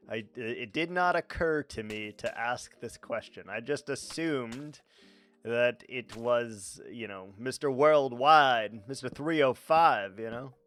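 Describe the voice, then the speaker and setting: A man rambles through a casual game stream at an unhurried, drawn-out pace, cursing freely and chatting with viewers. His voice sits at an ordinary middle pitch. Soft music plays faintly in the background. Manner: rambling, swears freely, talks to chat and his pet. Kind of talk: casual gaming stream chat.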